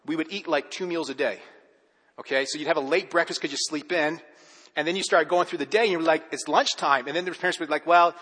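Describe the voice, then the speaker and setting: A man preaching a sermon as pastor, telling stories with animation and then dropping to a soft, earnest hush. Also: fairly high pitch, steady tone, fast, slightly rough, long reverb tail.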